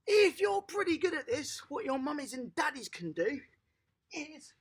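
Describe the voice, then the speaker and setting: A toddler tennis coach leading a lively online lesson for small children, upbeat and encouraging, praising each child by name. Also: sits high, moderate pace.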